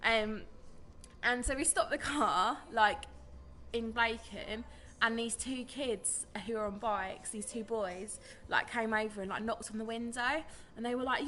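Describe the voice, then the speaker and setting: A young British vlogger chats casually to camera, telling stories in a rambling fashion. Her voice is fairly high and sharp in tone, with a measured pace.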